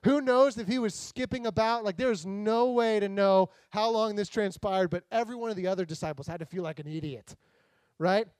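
A pastor speaks in a high, clear, resonant voice at a slightly fast clip, with no echo on the recording. His sermon is relaxed and jokey, and he brings the story characters to life with animated impressions.

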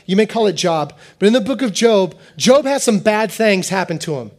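High-voiced animated male preacher. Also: fairly quick, few pauses. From United States. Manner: animated, repetitive preaching with acted-out quotes. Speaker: pastor. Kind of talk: sermon.

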